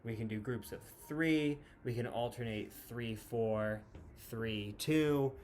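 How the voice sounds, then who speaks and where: A man explaining time signatures as a music teacher, patient and clear, counting beats aloud. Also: medium pitch, takes it slowly, a little mellow, a little hiss or hum. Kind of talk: classroom lesson explanation.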